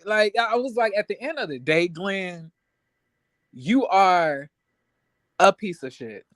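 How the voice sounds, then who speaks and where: A man's voice: high-pitched, animated, normal speed, a bit bright, dry recording. Blunt man ranting about reality TV. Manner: blunt, profane, acts out scenes. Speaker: co-host. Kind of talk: casual reality TV recap chat.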